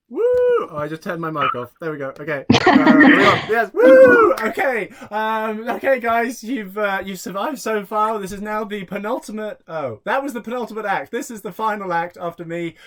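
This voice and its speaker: A young host with a high voice runs a comedy showcase over a video call. He giggles often and stumbles over his words in a casual, flustered way. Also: lively intonation, normal speed, over a noisy crowd. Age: young adult. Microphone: laptop or headset mic on a video call.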